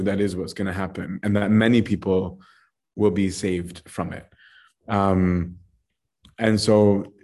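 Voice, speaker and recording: A man's voice: on the low side, a little mellow. A man teaching a Bible passage in a casual, conversational way, often tagging his points with "right?" and "like". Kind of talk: casual Bible study talk.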